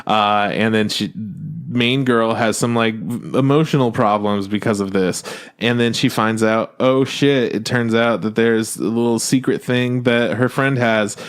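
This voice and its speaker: A man's voice: lowish voice, fairly even intonation, unhurried, smooth. A man co-hosting an anime podcast in casual chat, joking loosely and laughing often. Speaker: podcast co-host.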